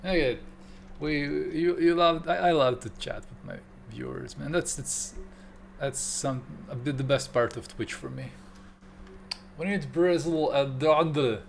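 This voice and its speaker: A man chats with his viewers in a playful, joking way. He talks at a slow, unhurried pace in a mid-range voice, and a faint hum runs underneath. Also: fairly high pitch, gravelly. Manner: playful, joking, mock German phrases. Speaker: streamer. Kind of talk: casual livestream chat with viewers.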